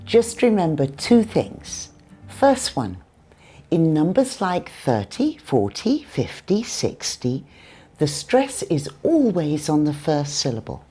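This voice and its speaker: A woman with a British accent teaching English pronunciation in a scripted lesson, saying numbers clearly and deliberately. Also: sits low, very animated, warm tone, faint music behind. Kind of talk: scripted lesson with acted skits.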